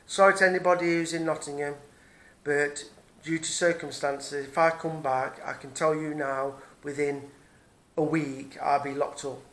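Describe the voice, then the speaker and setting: A man's voice: fairly high pitch, flat delivery, moderate pace, a bit bright. A middle-aged man, ranting angrily and swearing in a personal vlog, repeating himself as he goes. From Britain. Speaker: vlogger. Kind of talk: angry personal rant.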